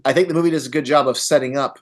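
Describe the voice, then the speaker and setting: A man on a podcast, casually discussing a horror film with animated energy and loose swearing. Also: mid-range voice, rapid-fire. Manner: animated, swearing, quotes scenes in voices. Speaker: podcast host.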